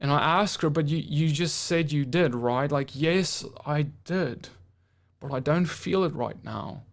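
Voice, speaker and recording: A man preaching an earnest testimony, slowly and haltingly, often repeating words as he searches for them. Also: on the high side, creaky. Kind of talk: slow storytelling testimony.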